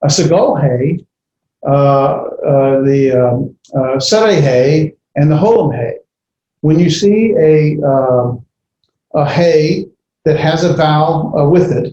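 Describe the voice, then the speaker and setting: A man lecturing a class, talking in a halting way with many fillers and restarts as he sounds out letters slowly. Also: fairly high pitch, warm tone. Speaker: Bible language teacher. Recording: roomy, dull lo-fi classroom recording with faint hiss.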